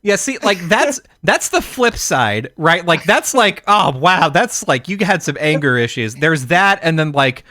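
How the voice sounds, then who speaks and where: Bright-voiced man telling a rambling story. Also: on the high side, big pitch swings, unhurried, hardly any pauses, no echo, clean studio sound. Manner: rambling storytelling with many fillers and restarts. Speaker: podcast co-host. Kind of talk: casual chat.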